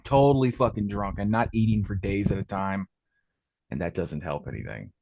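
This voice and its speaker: Low-voiced guy calling in, swears nonstop, rambly, dry close sound. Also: expressive, normal speed, gravelly, dark tone, no room sound. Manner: profane, rambling storytelling. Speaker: caller. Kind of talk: casual call-in chat.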